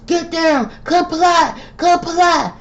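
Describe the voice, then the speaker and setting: A woman imitating aggressive male police officers, barking commands in a raised, high voice. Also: slow pace, full character voice. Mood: yelling. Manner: barked commands. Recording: dull lo-fi with faint hiss.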